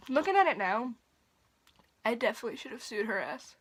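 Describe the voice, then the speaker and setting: A woman's voice: a little high, big pitch swings, a little slow, pauses often, a bit bright, husky. Profane young woman telling a storytime. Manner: drops to a whisper at times. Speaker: vlogger. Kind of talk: casual storytime vlog. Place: bedroom at night.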